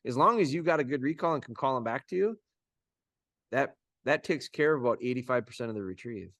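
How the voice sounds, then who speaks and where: A man's voice: medium pitch, animated, fairly bright tone, dry recording, clean studio sound. Folksy male dog trainer on a call. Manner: folksy, informal, talks in quick restarts. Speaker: dog trainer coaching clients. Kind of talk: casual coaching over a video call. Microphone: video call.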